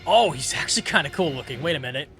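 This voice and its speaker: A man's voice: on the high side, lively intonation, quick pace, fairly bright tone. A man from the US streaming a video game, chatting casually with his viewers and reading game dialogue aloud. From United States. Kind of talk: casual gameplay commentary. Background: game music.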